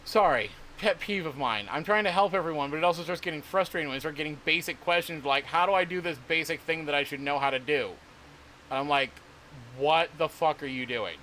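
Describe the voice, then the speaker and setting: Man, casual livestream talk, rambling, swears when exasperated, high voice. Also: brisk, pushed and bright, a little hiss or hum. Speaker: crypto streamer.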